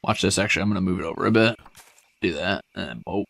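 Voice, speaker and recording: A man streaming a zoo-building game, chatting casually with his viewers, animated and self-mocking, swearing freely. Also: low voice, fast talker, gravelly, dry recording.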